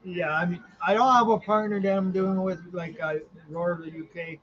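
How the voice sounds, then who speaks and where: A man's voice: sits high, fairly even intonation, normal speed, a bit bright, a little hiss or hum. A man hosting a live watch party, chatting casually and rambling with lots of fillers. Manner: rambling, filler-heavy, yawning. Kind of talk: casual live game chat. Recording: dull lo-fi sound.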